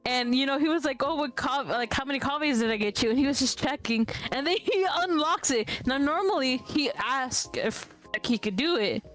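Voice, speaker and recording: A young woman streamer telling a long rambling story in casual chat, animated and laughing often. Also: high-pitched, moderate pace, hardly any pauses, soft background music.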